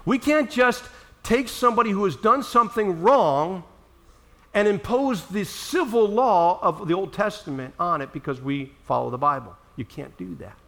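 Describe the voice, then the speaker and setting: A middle-aged man preaching a sermon as pastor, acting out quotes dramatically and swinging between loud and soft. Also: high voice, expressive, moderate pace.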